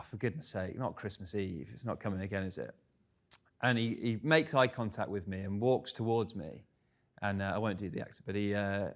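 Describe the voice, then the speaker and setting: A man, speaking candidly on stage at a live event and telling self-deprecating stories. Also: on the low side. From England. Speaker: guest speaker.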